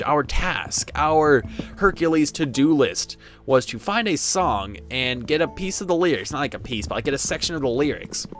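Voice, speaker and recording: A man's voice: medium pitch, a bit bright. A man hosting a building-game video, chatting casually and telling a rambling, playful story full of tangents. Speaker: gaming video host.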